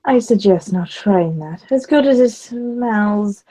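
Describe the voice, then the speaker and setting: A woman's voice: mid-range voice, lively intonation, slow, warm tone, rough recording. A woman voicing Diana, a kindly demon woman host, with a Northern English accent. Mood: reassuring.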